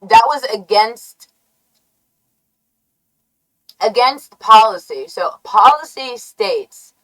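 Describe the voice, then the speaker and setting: Brief: unhurried woman streamer, a bit high-voiced, brash and mocking. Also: fairly bright tone, poor audio. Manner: brash, taunting, profane. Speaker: live streamer. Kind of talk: rambling livestream rant.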